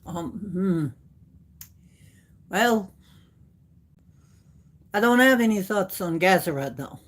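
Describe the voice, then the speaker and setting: Very slow, playful woman livestreamer. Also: mid-range voice, expressive. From United States. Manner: silly, playful, jumping between put-on accents and sing-song bits. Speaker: livestream card reader. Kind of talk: casual livestream chat.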